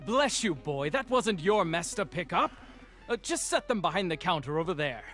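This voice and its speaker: A man voicing a flamboyant, excitable male tailor who gushes theatrically over his customer. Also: sits high, moderate pace, soft background music. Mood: gushing. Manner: gushing, theatrical. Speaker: game streamer reading a character aloud.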